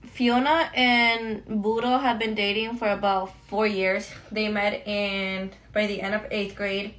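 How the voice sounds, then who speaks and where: A woman's voice: mid-range voice, little pitch movement, a little slow, a bit bright. A young woman chatting casually while getting ready, telling a storytime to her viewers in a slangy, friendly way. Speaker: beauty vlogger. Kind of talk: get-ready-with-me storytime chat.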